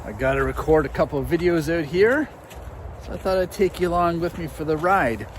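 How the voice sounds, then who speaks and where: A man's voice: a little high, brisk, slight background noise. A middle-aged man chatting casually to viewers as he hikes a muddy trail, a little out of breath. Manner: chatty, easygoing, talks to viewers while hiking. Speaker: vlogger. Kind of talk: casual walking vlog. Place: muddy forest trail outdoors, windy.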